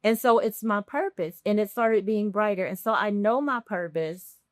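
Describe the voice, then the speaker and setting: A woman speaks as a guest in a relaxed podcast chat, telling her story with lively asides and plenty of fillers. Her pitch sits in an ordinary middle range, and the sound is dry and close. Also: moderate pace, dry recording. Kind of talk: casual podcast conversation.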